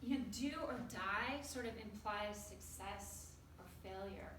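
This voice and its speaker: A woman telling a personal story to a live audience, lively and often laughing at her own tale. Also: mid-range voice, measured pace. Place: storytelling event before an audience. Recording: roomy live recording from a distance, noisy.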